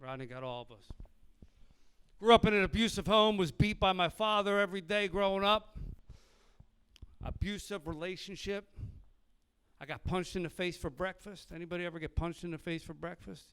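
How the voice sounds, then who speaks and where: Middle-aged philly guy doing stand-up, high smooth voice, swears a lot, acts out all the characters. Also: fairly even intonation, brisk, a bit bright. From Philadelphia. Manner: brash, profane, acts out dialogue in other voices. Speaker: stand-up comedian. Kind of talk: stand-up comedy set.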